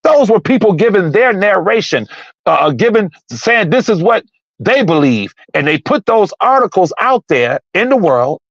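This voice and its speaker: A man's voice: sits high, very animated, normal speed, dry recording, highs cut off. A man calling into a live talk stream, arguing his point with heat, repeating himself and raising his voice. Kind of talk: heated casual debate.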